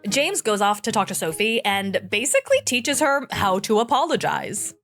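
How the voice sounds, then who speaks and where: A woman's voice: medium pitch, sing-song, normal speed, a bit bright, faint music behind. A woman giving a sassy, slangy, casual recap of a reality show. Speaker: recap vlogger. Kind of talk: casual comedic recap narration.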